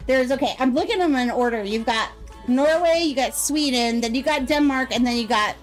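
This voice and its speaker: A woman's voice: high-pitched, brisk, faint music behind. An American woman streamer chatting casually, rambling and giggling often between her remarks. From United States. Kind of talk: casual live-stream chat.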